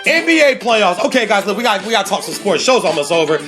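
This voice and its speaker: High-voiced hoarse guy hosting sports talk, super hyped, laughing, loud music behind. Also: quick pace. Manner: hyped, animated, laughing, sings along. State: hoarse from laryngitis. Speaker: sports talk show host. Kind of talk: casual livestream chat. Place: studio. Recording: music playing loudly behind. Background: music playing.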